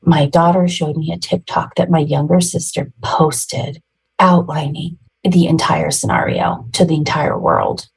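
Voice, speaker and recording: A woman's voice: deep voice, big pitch swings, measured pace, gravelly, husky, rough recording. A woman in her forties, a podcast guest, retelling a personal story emotionally and ramblingly, with nervous laughs.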